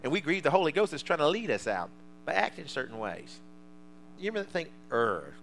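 A male preacher delivering a fervent sermon to a congregation, swinging from quiet asides to loud shouts. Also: fairly high pitch, sing-song, fast talker, gravelly, a little hiss or hum, low-quality recording.

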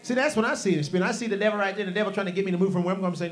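Talking very fast with hardly any pauses, a male preacher delivers a storytelling sermon. He shifts from quiet, low lines to loud shouts and leads his congregation in call-and-response.

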